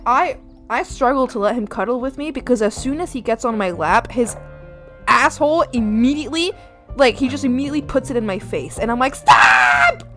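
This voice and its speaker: A high-voiced young woman chatting on a live art stream, her pitch bouncing all over as she laughs and yelps at her pets. She rambles casually to her viewers, and soft music plays underneath. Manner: giggly and animated, yelling playfully at her pets.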